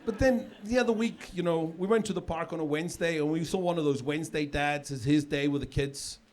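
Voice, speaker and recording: A middle-aged man from South Africa doing a stand-up comedy set on stage, chatty and loose, with sudden shouted punchlines. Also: a little high, a little fast. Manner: conversational, with filler repeats and sudden shouted punchlines. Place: comedy stage with a live audience. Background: audience laughter.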